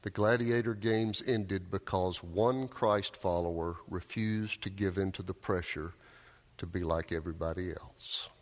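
A man preaching a sermon, telling a story with raised cries and quiet, low emphasis. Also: measured pace. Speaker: pastor. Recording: long hall reverb.

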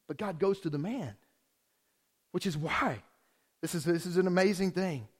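A male pastor preaching a lively sermon, joking with the congregation and shifting quickly between reading and storytelling. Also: high-pitched, slightly rough.

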